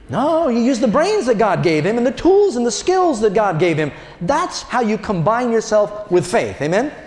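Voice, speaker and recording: A male preacher giving an animated sermon, telling the story with acted-out voices and questions to the congregation. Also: sits high. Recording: echoey hall.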